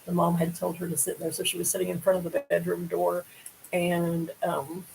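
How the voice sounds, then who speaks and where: Woman, true-crime host, gravelly voice, monotone, casual commentary, questioning. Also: on the low side, moderate pace, a little hiss or hum, poor audio. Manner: conversational, questioning the story aloud with frequent asides.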